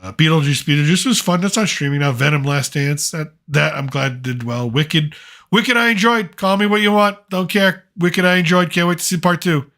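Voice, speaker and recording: A man's voice: a little high, a little fast, few pauses, fairly bright tone. A middle-aged man hosting a casual chat, rambling and opinionated with plenty of fillers. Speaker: podcast host, father.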